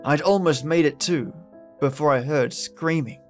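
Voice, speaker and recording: A man narrating a first-person horror story in a steady, measured way. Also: fairly high pitch. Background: faint music.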